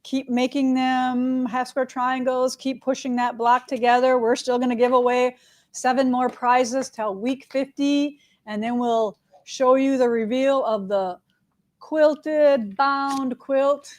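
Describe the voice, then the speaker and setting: A middle-aged woman chats through shop news on a live stream. Her voice sits a little high, and her delivery is friendly, upbeat and loose, full of "all right" and "right?" as she moves from item to item. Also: fairly even intonation, slow, darkish tone. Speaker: quilt shop owner hosting a live show. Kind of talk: casual live-stream chat with announcements.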